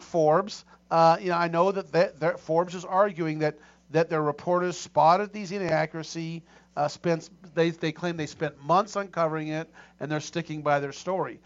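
A middle-aged man hosting a casual talk show, rambling with many restarts and fillers. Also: a little high. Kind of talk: casual chat. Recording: dull lo-fi audio.

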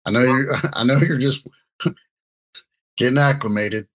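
A man's voice: medium pitch, slow pace, fairly bright tone. A man co-hosting a casual chat show, joking and laughing often between his remarks. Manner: jokey, laughs between lines. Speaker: co-host. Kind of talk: casual banter.

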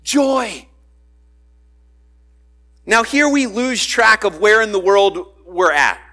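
Man, preacher, high-pitched voice, bright tone, conversational sermon. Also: slow. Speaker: pastor.

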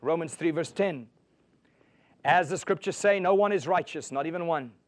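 Delivering his sermon at normal speed, this high-voiced male pastor keeps firing rhetorical questions at the congregation. His delivery shifts from loud, forceful emphasis to soft, personal storytelling.

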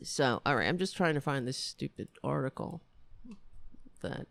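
A woman's voice: a bass voice, lively intonation, normal speed, creaky, dry recording. Rambling, profane woman podcast host. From New York. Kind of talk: casual ranting commentary.

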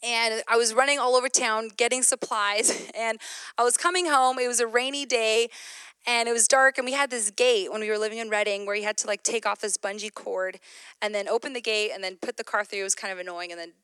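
A woman giving a sermon, mixing a personal story with scripture, animated and laughing often. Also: a little high, fairly quick, clean tone, dry recording. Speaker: women's ministry speaker.

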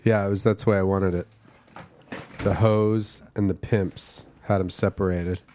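A man hosting a comedy podcast, riffing in long deadpan lists and bantering with guests. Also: sits low, a little slow, a little hiss or hum. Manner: deadpan rambling list riffs. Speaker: podcast host. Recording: loud music under the voice.

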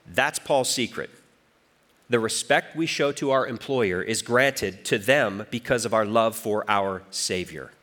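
A man's voice: lowish voice, a little slow, a bit bright. A man preaching a sermon as pastor, storytelling with his voice rising and falling for emphasis.

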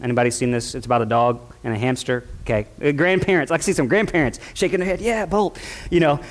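A man's voice: medium pitch, fairly even intonation, fast talker. A man preaching a sermon at a church service, passionate and full of rhetorical questions. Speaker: pastor.

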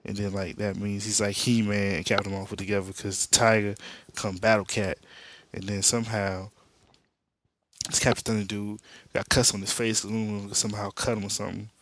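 A man's voice: fairly low pitch, flat delivery, brisk, a bit bright, no room sound. A man hosting a podcast, retelling a comic book story in loose, slangy, laid-back talk. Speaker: podcast host. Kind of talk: casual comic-book recap.

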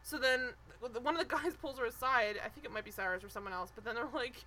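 A woman co-hosting a podcast speaks quickly in a fairly high, sharp voice over a low-quality recording with a little hiss or hum. Animated and casual, she recaps a show, swearing and mimicking people.

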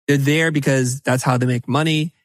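A middle-aged man talking as a podcast guest in an animated, emphatic way, often breaking into quick quoted asides. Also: medium pitch, no room sound. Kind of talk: animated conversational podcast talk.

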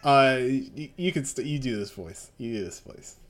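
A man casually chatting while playing a story game, excitable and laughing. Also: mid-range voice, normal speed. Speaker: game player.

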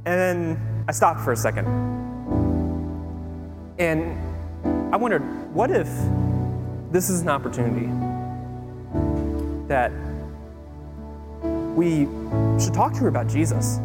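Earnest pastor preaching in a reverberant church. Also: male voice, fairly high pitch, takes it slowly, pauses often. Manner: animated storytelling, conversational and earnest. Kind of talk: sermon. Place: church sanctuary. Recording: long hall reverb with faint music.

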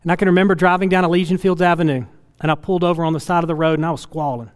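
A middle-aged man preaching a sermon, telling a personal story in an earnest way that swings from loud to hushed and tearful. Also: sits high, flat delivery, racing, smooth, big-room sound. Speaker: pastor.

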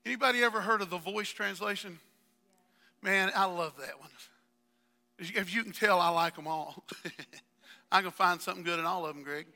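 A man preaching a fervent sermon as pastor, calling on members of the congregation by name and building up to shouting, recorded in a church. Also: high-pitched, normal speed, gravelly, long pauses. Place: church sanctuary. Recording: long church hall reverb.

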